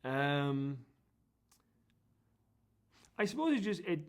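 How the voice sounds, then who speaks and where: A man's voice: fairly high pitch, sing-song, extremely slow, smooth. An Irish man, a guest in an interview, telling casual stories in a rambling way with many fillers and restarts. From Ireland. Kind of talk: casual anecdotal storytelling.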